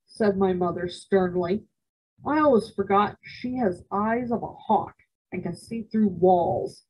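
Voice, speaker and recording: A woman reading a children's novel aloud for a library program, steady and expressive. Her voice is breathy and husky at mid pitch. The recording sounds dull and lo-fi. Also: unhurried. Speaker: library storyteller.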